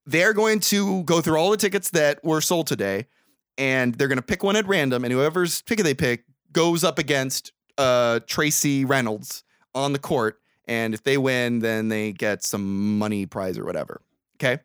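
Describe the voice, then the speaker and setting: A young man co-hosting a podcast, recapping a movie in casual, comedic chat, swearing freely and laughing loudly. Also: medium pitch, smooth, no echo, studio quality.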